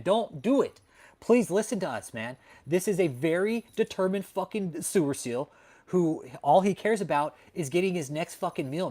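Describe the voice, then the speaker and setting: A male livestream host rants at home with constant swearing and blunt, heated commentary. His voice sits a little above the usual male pitch. He talks straight at his viewers, angry and profane. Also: darkish tone. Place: home, dog nearby.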